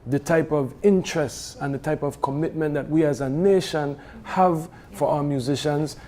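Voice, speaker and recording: A man from Belize talking about working with musicians, in an animated way with many fillers and restarts. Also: fairly high pitch, normal speed. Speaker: music event organizer. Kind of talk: casual studio conversation.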